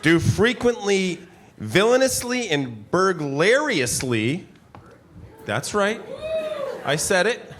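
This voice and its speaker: An actor playing a pompous, eccentric gentleman who bombastically declaims a furious period letter at a live theater reading, tossing in asides. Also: sits high, very animated, slow pace, pauses often, noisy background, exaggerated voice. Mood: blustering. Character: blustering pompous eccentric gentleman, man, middle-aged. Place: live performance hall with audience.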